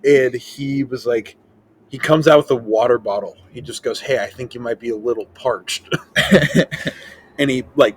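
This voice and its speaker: A young man tells a rambling story on a casual podcast, leaning on fillers and acting out the voices of the people in it. His voice sits at an ordinary middle pitch. There is a faint hiss behind him. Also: poor audio. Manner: rambling, lots of "like" fillers, animated quoting. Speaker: podcast host.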